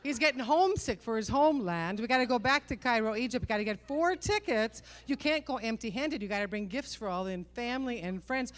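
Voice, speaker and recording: A middle-aged woman performing a stand-up comedy set on stage, with punchy self-mocking delivery and quick rhetorical asides to the crowd. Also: fairly high pitch, expressive.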